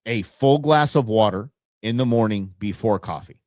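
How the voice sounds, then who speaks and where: Rambling, excitable male podcast host. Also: fairly low pitch, moderate pace, dry recording, clean studio sound. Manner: rambling, enthusiastic, self-interrupting. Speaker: show host. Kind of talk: casual solo podcast talk.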